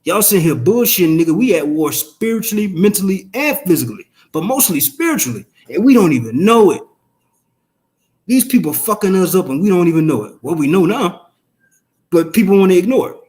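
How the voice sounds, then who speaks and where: A man ranting on a casual live stream, profane and emphatic, firing off rhetorical questions in quick rambling bursts. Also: high voice, sing-song, darkish tone. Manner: fast rambling outbursts.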